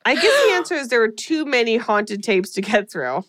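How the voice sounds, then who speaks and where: A woman's voice: a little high, brisk, no room sound. A woman co-hosting a podcast, recapping a horror movie in casual chat and acting out the characters' lines. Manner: animated storyteller, acts out quotes. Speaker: podcast co-host.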